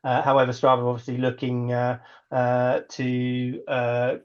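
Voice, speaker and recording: Halting male co-host on dull, lo-fi audio. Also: mid-range voice, completely flat delivery, a little mellow, clear, resonant tone. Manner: halting, with many "uh"s. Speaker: podcast co-host. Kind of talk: casual chat. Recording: slightly dull, lo-fi sound.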